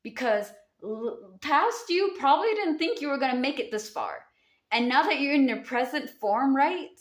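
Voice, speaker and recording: A woman's voice: sits high, expressive, normal speed. Affectionate Southern woman reading tarot cards. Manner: affectionate, calls viewers honey and baby. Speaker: tarot card reader. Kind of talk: casual tarot reading to camera. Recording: roomy echo.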